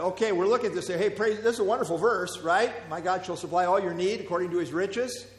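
A man teaching a Bible class, explaining verses and putting questions to the group, with frequent fillers. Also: on the high side. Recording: roomy hall with long reverb.

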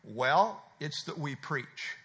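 A male pastor delivering an expository sermon, his voice pitched high and bright. He talks with a lively, swooping pitch and presses each point by restating it several times. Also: slow. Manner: expository preaching with repeated emphatic phrases.

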